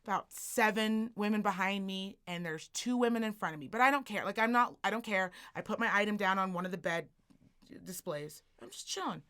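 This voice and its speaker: A woman co-hosting a podcast, telling a story as a profane, animated rant and acting out the people in it. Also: mid-range voice, fairly quick, clean tone. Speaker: podcast co-host.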